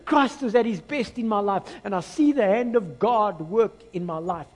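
South African pastor preaching in a hall. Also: male voice, high voice, normal speed, few pauses. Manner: animated, rising to emphatic bursts. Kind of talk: sermon. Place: church hall. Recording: long church hall reverb.

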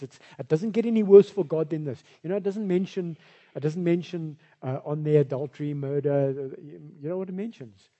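A man's voice: on the high side, warm tone, husky, in a large hall. A male pastor, preaching a sermon in a conversational, rambling way with side remarks. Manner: conversational, rambling, with asides and filler.

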